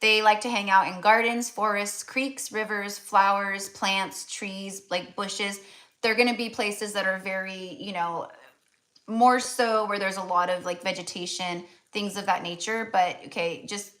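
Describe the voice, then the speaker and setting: A woman's voice: medium pitch, fairly even intonation, a little slow, a bit bright. Chatty woman giving live tarot readings. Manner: chatty, affectionate, frequent fillers and "okay?".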